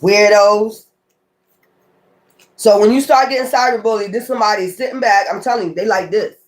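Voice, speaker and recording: A man's voice: high-pitched, fairly quick. A man reading tarot on his own channel, talking off the cuff in a profane, confrontational rant that waves off his critics as weirdos. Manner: profane, confrontational, repeats taunts; dismissive, calls critics weirdos. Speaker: tarot reader.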